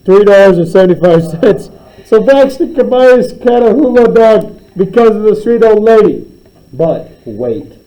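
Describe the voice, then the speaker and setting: A man's voice: high voice, animated, moderate pace, mellow, low-quality recording. Playful man teaching a math class. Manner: playful, teasing storyteller. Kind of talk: classroom teaching with comic story problems.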